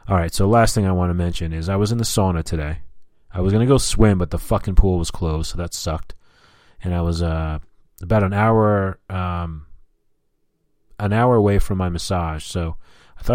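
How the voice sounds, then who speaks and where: A man's voice: sits low, normal speed, darkish tone, no echo, studio quality. A man hosting a solo talk, ranting about daily annoyances with heavy swearing and mocking asides. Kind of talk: solo profane rant.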